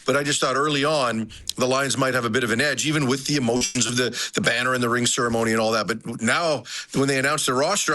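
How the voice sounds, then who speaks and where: A man talking sports as a guest analyst, chatty and quick to add "right?" and "you know". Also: medium pitch, pushed and bright. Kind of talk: casual sports talk.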